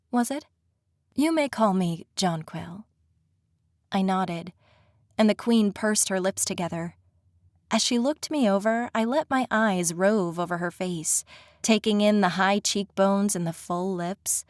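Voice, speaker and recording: A woman's voice: medium pitch, no echo. Woman narrating a fantasy audiobook, dry and close. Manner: wry, conversational storytelling. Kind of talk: first-person fantasy narration.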